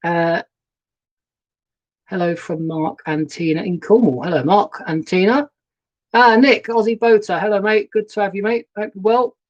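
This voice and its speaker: A man's voice: high voice, steady tone, moderate pace. Bloke chatting away on a live stream from his narrowboat, rambly, says hi to viewers, laptop mic sound. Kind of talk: casual live-stream chat. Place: narrowboat cabin. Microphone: laptop webcam and new microphone.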